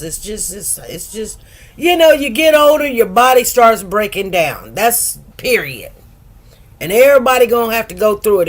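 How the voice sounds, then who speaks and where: Chatty rambling woman in her fifties. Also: mid-range voice. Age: 50s. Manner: rambling, chatty, with frequent restarts and laughter. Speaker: livestream host. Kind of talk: casual chat with viewers.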